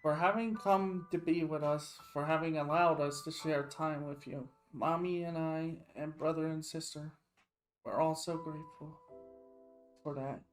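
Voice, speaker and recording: Calm, earnest male comforter, soft delivery, read aloud by a man, slightly high voice. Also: measured pace, soft background music, lightly acted, poor audio. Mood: tender. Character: gentle grown man comforting a dying girl.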